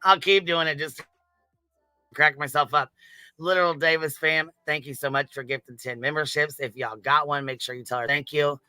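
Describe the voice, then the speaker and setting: A man's voice: on the high side, fairly even intonation, brisk, pushed and bright, clean tone, no room sound. A man hosting a casual livestream, swearing freely, giggling and thanking chat members. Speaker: livestream host.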